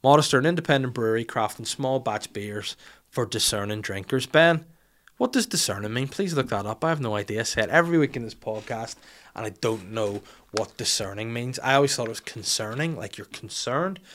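Cheeky, sweary podcast host. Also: male voice, medium pitch, lively intonation, fairly quick, a bit bright. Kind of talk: casual chat.

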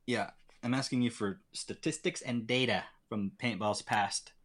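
A man's voice: medium pitch, measured pace, a bit bright. A man hosting a podcast, chatting casually, curious and joking, firing off questions. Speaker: podcast host. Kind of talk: casual chat.

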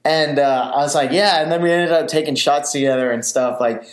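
A man's voice: fairly high pitch, brisk. A young man co-hosting a podcast, telling loose stories with lots of swearing and casual chat. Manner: loose storytelling with swearing and laughs. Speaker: podcast co-host. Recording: roomy echo.

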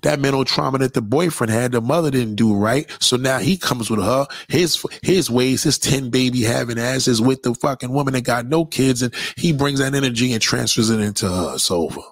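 A man's voice: mid-range voice, normal speed, hardly any pauses, dry recording, clean studio sound. A man delivering a profane, preachy rant straight at his audience. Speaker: commentator. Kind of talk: impassioned monologue rant.

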